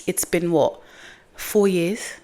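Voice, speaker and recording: A woman's voice: fairly low pitch, slow pace, dark tone. A young woman talking candidly and rambling in a casual vlog, mocking herself now and then. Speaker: vlogger. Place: outdoors in the sun, windy.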